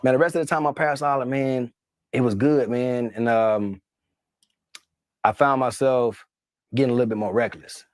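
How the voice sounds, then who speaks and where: A former Marine drill instructor telling a story, excitable and full of slang and swearing. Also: male voice, medium pitch, normal speed, long pauses, no echo, clean studio sound. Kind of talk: animated storytelling.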